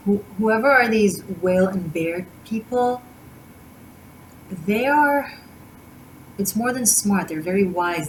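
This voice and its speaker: A woman with a lowish voice does a tarot reading to camera, rambling and gushing with many restarts in a casual spiritual style. The recording is rough, with slight background noise.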